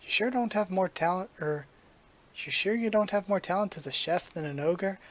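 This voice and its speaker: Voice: medium pitch, moderate pace, fairly bright tone, natural voice. A brash young male tengu swaggers through his lines with slangy bravado, put on by a reader. He sounds petty and full of himself, delivered like comic dialogue read aloud. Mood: snippy. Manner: cocky, slangy boasting.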